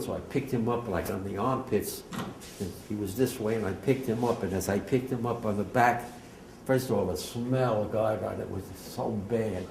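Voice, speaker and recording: A man in his 80s from New Jersey, USA, a war veteran, gives a class emotional, vivid personal testimony. His voice is on the low side, and the echoey room carries slight background noise. His storytelling breaks into emphatic outbursts.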